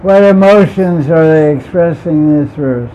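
A man's voice: fairly high pitch, normal speed, warm tone. A man teaching a scripture class in a playful way. He laughs often and puts questions to the class. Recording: dull lo-fi sound with faint vehicle noise.

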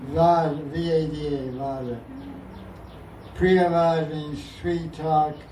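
A man's voice: fairly high pitch, fairly even intonation, slow, dark tone, slight background noise. A man teaching a group in a casual, playful way, often laughing and mimicking sounds as he goes. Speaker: teacher explaining verses. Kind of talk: casual class talk. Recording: echoey room, from far off.

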